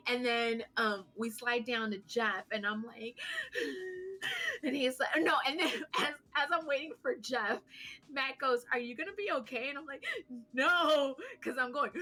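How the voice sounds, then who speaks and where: A woman's voice: a little high, fairly even intonation, normal speed, pushed and bright. A woman in her thirties co-hosting a podcast, telling a story in casual chat, acting out quotes and laughing as she goes. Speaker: podcast co-host.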